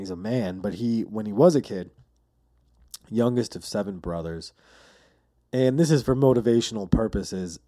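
Male podcast host, loose profane storyteller, low-ish warm tone. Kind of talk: casual solo podcast monologue.

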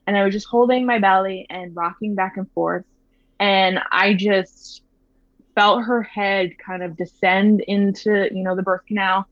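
A woman in her thirties tells a personal story in a soft, reflective voice, often pausing and restarting. Her pitch sits mid-range. The recording sounds a little dull and muffled, with a dry, close sound. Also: steady tone, dry recording. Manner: soft, reflective, with many fillers. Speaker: mother telling her birth story.

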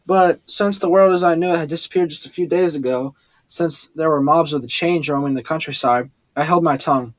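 A man reading a first-person story aloud, steady with occasional slips and restarts. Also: on the high side, fairly quick, no echo. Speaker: audiobook narrator. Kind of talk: first-person audiobook narration.

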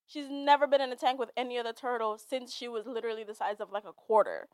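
A young woman with a slightly high voice hosts her own podcast in a loose, unscripted monologue. She swears freely and slips between laughter and tears as she talks. The recording is close and dry, with almost no room sound. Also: fast talker, a little mellow, smooth, no echo. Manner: candid, profane, laughing and emotional. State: teary, laughing through tears. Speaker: podcast host. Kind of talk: casual monologue.

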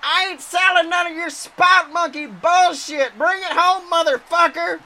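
A man voicing a crude, excitable wrestling announcer who calls the action in profane play-by-play. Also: very high voice, moderate pace, full character voice. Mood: excited. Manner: profane, excitable, shouts big moves. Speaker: wrestling commentator character. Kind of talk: comedic play-by-play commentary.

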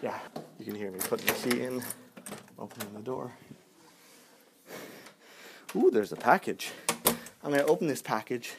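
A man's voice: medium pitch, expressive, normal speed, gravelly, long pauses. A man hosting a podcast while walking through city streets, rambling and self-mocking, growing out of breath. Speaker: podcast host. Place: city streets outdoors, then stairwell. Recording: noisy street recording. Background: street traffic and clicks.

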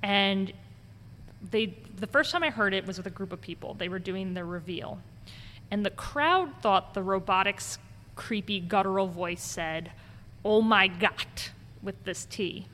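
In an unhurried, mid-range voice, this ghost tour guide spins tales during a conversational interview, performing each character's quoted lines with animation. Her words carry a long reverb over faint background noise.

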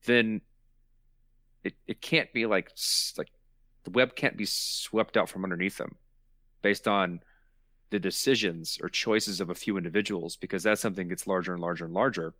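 A man's voice: low voice, moderate pace, sharp tone, no room sound, clean studio sound. A man hosting a podcast in casual chat, explaining his point and repeating words for emphasis. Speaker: podcast host.

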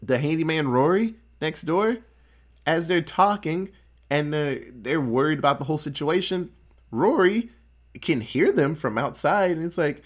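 A man casually recapping a horror film as a podcast host, animated and profane, often laughing. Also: fairly high pitch, moderate pace.

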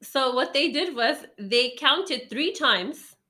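Woman chatting away, slightly high voice, lots of likes and ums. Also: lively intonation, takes it slowly, sharp tone. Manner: rambling storytelling with many fillers and laughs. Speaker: storyteller guest. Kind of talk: casual chat.

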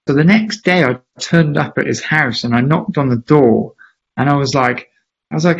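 A man, a charity founder and interview guest, telling a lively anecdote and acting out the voices of the people in it. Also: a little high, moderate pace, creaky, breathy edge. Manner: lively, acts out quoted voices, laughs often. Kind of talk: animated anecdotal storytelling. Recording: slightly dull lo-fi audio.

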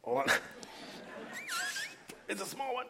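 Playful animated male pastor preaching. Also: extremely high pitch, slow, creaky, very noisy. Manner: animated, playful, acts out quoted voices. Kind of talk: sermon. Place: church hall before a congregation.

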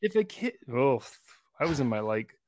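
A man in his forties co-hosting a casual podcast, an animated storyteller who acts out voices and pokes fun at himself. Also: mid-range voice, normal speed. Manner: animated, acts out voices in anecdotes, self-deprecating. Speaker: podcast co-host, middle school teacher.

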